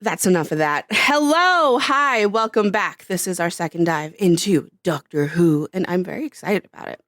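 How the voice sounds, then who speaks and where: A woman with a New York–New Jersey accent, co-hosting a podcast in animated, rambling casual chat. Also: lowish voice, brisk, no room sound, studio quality. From United States. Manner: animated, rambling, self-mocking. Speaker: podcast co-host.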